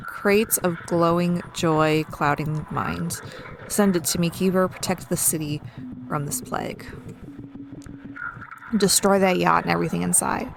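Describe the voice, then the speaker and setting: Woman reading a low, hushed, menacing male voice for a horror game, slow and all-seeing. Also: steady tone, gravelly, background noise. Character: sinister unseen male voice, all-seeing tempter. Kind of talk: reading game dialogue aloud.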